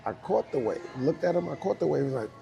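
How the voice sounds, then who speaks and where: A dancer with a New York accent, a guest in an interview, tells a story fast in a slightly high, dark voice with vocal fry and big pitch swings. He acts out voices and sounds, swearing and laughing throughout, while faint music plays behind him.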